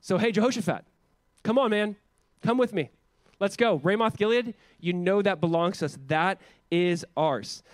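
A man voicing a pushy, scheming ancient king who cajoles an ally loudly. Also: high-pitched, moderate pace, no echo, pitched above the performer's own voice, close to an everyday voice. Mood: cajoling.

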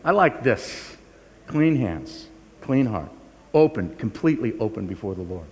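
A man's voice: lowish voice, very animated, a little slow, darkish tone. An older man preaching a sermon as pastor, earnest and confessional, often restarting his sentences and poking fun at himself. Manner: earnest, confessional, with frequent restarts and self-mocking humor. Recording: long hall reverb.

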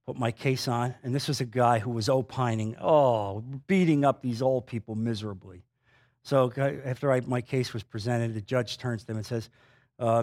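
A man preaching a sermon in a confessional storytelling manner, swinging between loud emphasis and hushed asides. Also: medium pitch, normal speed.

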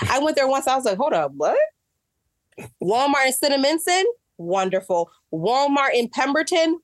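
A woman telling a story in casual chat, animated and acting out what people said, getting exasperated as she goes. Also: medium pitch, no echo, clean studio sound. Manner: animated, acts out quotes, rising exasperation. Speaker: guest.

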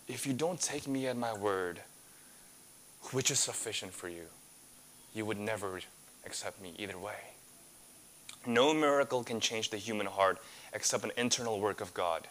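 A man's voice: lowish voice, a little slow, pauses often, a bit bright, a little hiss or hum. A man preaching a sermon as a pastor, earnest and full of rhetorical questions.

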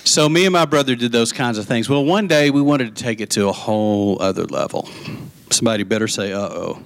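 A man's voice: medium pitch, a little fast. A man from Texas, preaching a sermon in a folksy, chatty style and telling a boyhood story with questions to his listeners.

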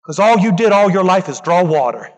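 A man's voice: high-pitched, animated, fairly quick. A man preaching a sermon with passion, driving points home through rhythmic repetition and calling out to the congregation. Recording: long reverb in a large hall.

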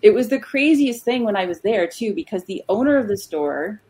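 A woman's voice: medium pitch, animated, a little fast, darkish tone, husky. A young adult woman, a guest author, chatting casually in an interview and telling stories with lots of ums and restarts.

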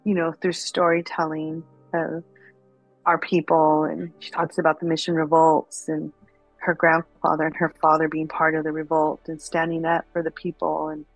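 A woman telling a traditional story in a casual, animated way, full of fillers. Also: sits low, moderate pace, no echo, faint music behind, poor audio. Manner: animated, chatty, many fillers.

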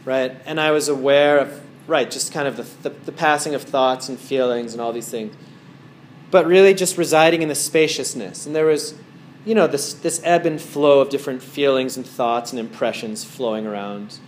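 A man's voice: mid-range voice, moderate pace, a little hiss or hum. A man giving a casual talk as a meditation teacher to a small group in a wellness center, rambling through stories with many fillers.

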